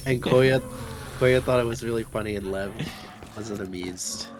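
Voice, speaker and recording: A man's voice: on the low side, moderate pace, faint music behind. A young man casually talking through a book's chapters while gaming, with a rambling, hesitant manner full of fillers and self-corrections. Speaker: book discussion host. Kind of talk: casual book discussion while playing a game.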